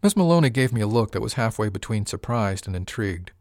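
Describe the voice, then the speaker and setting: Low-voiced man reading a story. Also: expressive, fast, a little mellow, no room sound, studio quality. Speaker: narrator. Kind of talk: audiobook narration.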